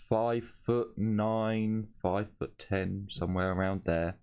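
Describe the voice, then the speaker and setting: Deep-voiced man running a game. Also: steady tone, a little mellow, smooth. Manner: casual, halting, with frequent ums and self-corrections. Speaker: game master. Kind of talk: narrating a tabletop game.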